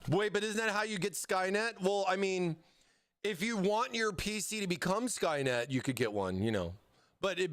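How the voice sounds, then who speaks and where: A high-voiced American man hosts a relaxed live stream. He builds a computer as he talks and keeps stopping mid-thought to answer the chat, his speech loose and conversational. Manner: chatty, answers chat, self-interrupting. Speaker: livestream host building a PC.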